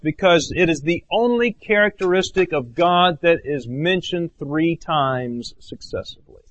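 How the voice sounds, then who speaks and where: A man preaching a sermon as pastor, earnest, swinging between raised emphatic phrases and low hushed ones.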